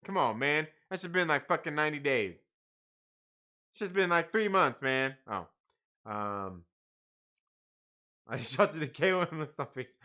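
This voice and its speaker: A man's voice: mid-range voice, slow pace, pauses often, sharp tone. A tired man hosting a casual live stream, reading out viewer comments and chatting in a rambling, profane way with frequent laughs. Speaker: livestream host.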